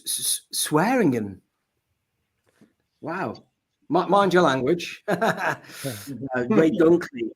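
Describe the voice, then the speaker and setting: A man hosting a casual live stream chat, joking and laughing often. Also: medium pitch. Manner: chatty, jokey, laughs often. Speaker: host of a live stream show. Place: at home.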